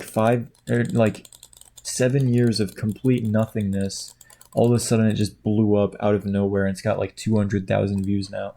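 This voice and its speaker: A man chatting casually at his computer at home, tired, quiet and rambling, laughing often. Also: lowish voice, a little hiss or hum. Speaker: video creator. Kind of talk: casual chat while clicking at a computer. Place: at home indoors.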